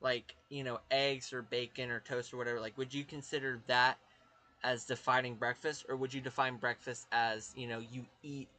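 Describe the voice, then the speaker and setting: Bright-voiced Southern man streaming. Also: mid-range voice, flat delivery, moderate pace. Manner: rambling, swears, talks to chat. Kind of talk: casual live-stream chat.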